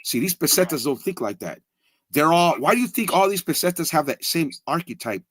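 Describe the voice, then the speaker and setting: A blunt, profane man trading stories on a casual podcast, his pitch swinging widely as he makes his points. His voice sits a little high for a man and sounds close and dry, with no room echo. He keeps tagging his lines with "bro" and "fool.". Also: lively intonation, fairly quick, a bit bright.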